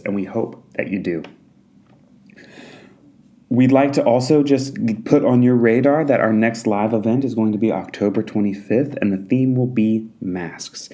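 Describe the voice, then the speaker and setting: Podcast host: a man with a lowish voice, upbeat scripted sign-off. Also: warm tone.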